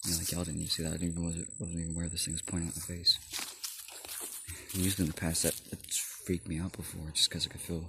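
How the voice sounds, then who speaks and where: Deep-voiced man, rambling vlog chat, laughs a lot, steady background noise. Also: quick pace, creaky. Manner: rambling, filler-heavy, laughs often, drifts between loud and murmured. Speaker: vlogger.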